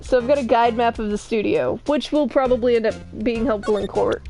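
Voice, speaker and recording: A woman's voice: on the high side, fairly quick, mellow, soft background music. A woman streamer chatting casually with joking asides while playing a game. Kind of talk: casual let's-play commentary.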